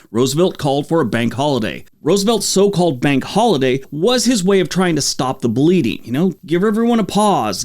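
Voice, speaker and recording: A man's voice: fairly high pitch, darkish tone. A man hosting a daily history podcast, reading dates and adding casual, conversational asides. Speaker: podcast host.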